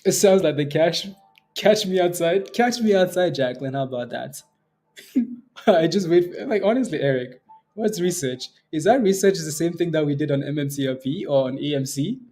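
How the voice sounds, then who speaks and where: A man's voice: fairly high pitch, fairly quick, mellow. Joking man hosting a trading stream. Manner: chatty and joking, laughs often, mocks viewers. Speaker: day trading livestream host. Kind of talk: casual livestream chat.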